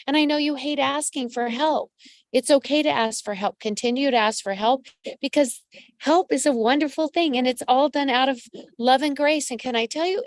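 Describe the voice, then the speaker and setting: A woman's voice: high-pitched, dry recording. Affectionate woman psychic giving readings. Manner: affectionate, calls listeners pet names; direct, coaching advice. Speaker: psychic medium host. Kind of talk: live-streamed astrology reading.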